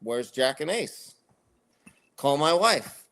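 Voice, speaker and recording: A man's voice: a little high, unhurried. Swearing, ranting middle-aged man. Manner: profane, animated ranting storyteller. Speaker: podcast co-host. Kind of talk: casual chat, storytelling.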